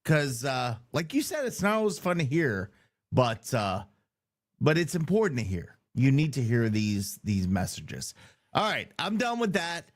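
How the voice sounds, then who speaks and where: A man co-hosting a sports podcast, hoarse from yelling, talking in a casual, teasing way. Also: mid-range voice, very animated, unhurried. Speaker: podcast co-host.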